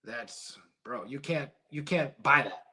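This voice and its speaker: A middle-aged man, a former boxer being interviewed, who tells stories in a casual, animated and emotional way and swears freely. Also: mid-range voice, slow pace. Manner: emotional, animated storytelling with profanity. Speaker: guest, former heavyweight boxer.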